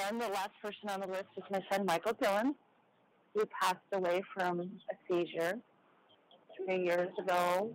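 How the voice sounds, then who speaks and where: A woman's voice: fairly low pitch, slight background noise, poor audio. A woman co-hosting a podcast, speaking sincerely and earnestly as she closes the show. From Oregon, United States. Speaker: podcast co-host. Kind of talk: heartfelt closing remarks.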